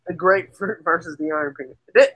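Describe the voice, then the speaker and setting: A woman co-hosting a podcast in casual chat, excitable with loud exclamations. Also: deep voice, fast talker, low-quality recording. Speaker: podcast co-host.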